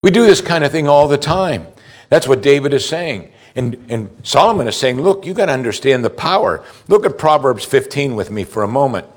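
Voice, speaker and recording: Male pastor, sermon delivery, mid-pitched, emphatic, questions the congregation directly. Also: expressive, a little fast.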